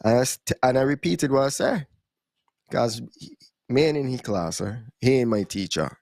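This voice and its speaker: A young man casually telling stories on a podcast, in relaxed creole-tinged English. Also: mid-range voice, normal speed, vocal fry, no echo. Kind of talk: casual storytelling chat.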